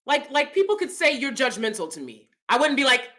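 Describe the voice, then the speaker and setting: Lively, bright-voiced woman host. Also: fairly quick. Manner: animated, conversational, often asks "right?"; jumps into high mocking voices. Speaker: commentary channel host. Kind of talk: casual opinion commentary.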